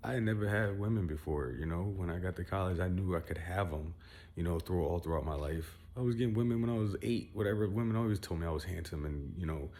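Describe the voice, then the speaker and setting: A young man with a deep, mellow voice vents straight into his phone at home. He rambles, boasts about himself and swears as he goes. Faint room noise hums behind him. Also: fast. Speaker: vlogger. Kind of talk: casual venting monologue.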